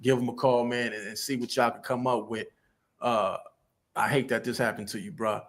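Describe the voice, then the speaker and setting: A man with a middle-pitched voice speaks earnestly and steadily in an interview clip, pleading his case with repeated words. The voice is plain and mid-range. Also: flat delivery, moderate pace.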